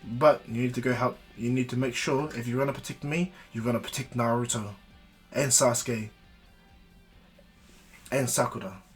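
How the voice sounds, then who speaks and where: A man playing a gentle young female ninja giving firm orders in a soft, somewhat lowered voice. It stays close to the man's own mid-range voice. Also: fairly even intonation, normal speed, pauses often, faint music behind, lightly acted. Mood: instructing.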